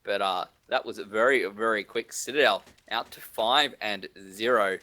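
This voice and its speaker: A man casting a live esports match, excitable and teasing his co-hosts. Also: lowish voice, moderate pace. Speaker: esports caster. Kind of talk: live game commentary.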